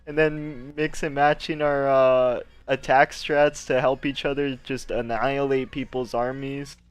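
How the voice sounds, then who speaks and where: A man in casual gaming talk, laid-back but loud and animated when he tells stories of matches. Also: mid-range voice, measured pace, smooth.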